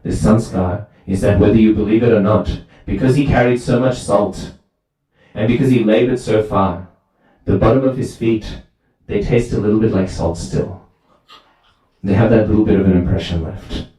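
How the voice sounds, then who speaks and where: A man voicing a calm male sage who explains things patiently, heard from far off in a very echoey hall. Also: on the low side, moderate pace, natural voice.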